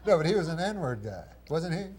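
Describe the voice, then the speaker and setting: A man in his forties telling a long, rambling anecdote as a talk show guest, deadpan and drawling, sometimes putting on other voices. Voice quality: dry, deadpan storytelling with drawling pauses. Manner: acts out other voices with raised pitch.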